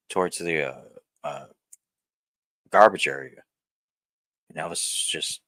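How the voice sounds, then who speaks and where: A man's voice: low-pitched, fairly bright tone, no room sound. A man in his thirties talking to camera in a blunt, profane vlog rant that rambles and restarts. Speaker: vlogger. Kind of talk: candid personal vlog rant.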